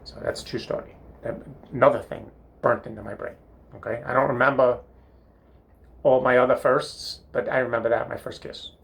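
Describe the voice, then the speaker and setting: Speaking a little fast in a mid-range voice with fairly even intonation and vocal fry, an older man rambles through comic memories of school. He meanders, leans on fillers, and chuckles at his own jokes, all from a bathroom.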